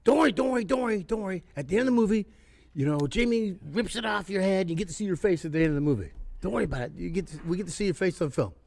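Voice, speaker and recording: A man doing a chirpy high wardrobe lady. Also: lively intonation, very fast, vocal fry, a little mellow, full character voice. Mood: reassuring. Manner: bubbly, repeats herself to reassure. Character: chirpy friendly female wardrobe worker.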